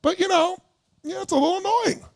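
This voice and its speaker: A man voicing his calm business partner, who plays everything down. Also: very high voice, fairly quick, dry recording, studio quality, pitched above the performer's own voice. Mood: mild. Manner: mild, understated. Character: calm, wise, wealthy older male partner, unflappable.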